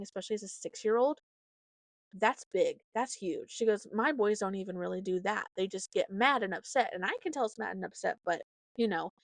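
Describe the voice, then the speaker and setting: Young female podcast host, casual and heartfelt, fry in the voice, dry recording. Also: mid-range voice, no echo. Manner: chatty, heartfelt, many fillers. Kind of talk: casual solo podcast chat.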